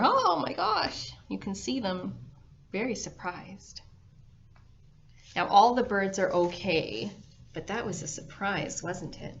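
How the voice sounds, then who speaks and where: Slow, gentle storytime librarian woman. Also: mid-range voice. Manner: gentle, animated reading with gasps and sound effects for children. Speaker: children's librarian. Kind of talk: storytime picture-book reading. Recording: slightly dull lo-fi sound with faint noise.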